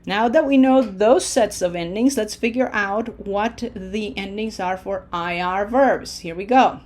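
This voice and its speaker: A woman teaching a language lesson over slides, patient and deliberate, checking in often and stretching out her vowels when she models words. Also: mid-range voice, a little mellow. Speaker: Spanish teacher.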